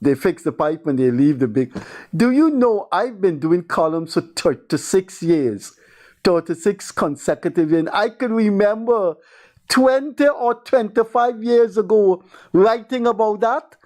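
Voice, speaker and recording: A man's voice: high-pitched, animated, a little slow, darkish tone. An older man with a Guyanese accent hosting a call-in show, talking in exasperated, rambling commentary. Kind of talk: call-in radio talk.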